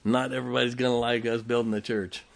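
A man's voice: mid-range voice, little pitch movement, quick pace, creaky. A man preaching a sermon as pastor, emphatic, with rhetorical questions, joking asides and check-ins with the congregation.

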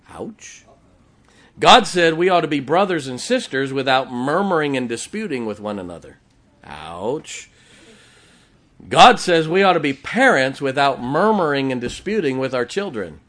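A man's voice: a little high, fairly bright tone. A middle-aged man preaching a sermon, drawing call-and-response from the congregation and slipping in jokes. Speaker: pastor.

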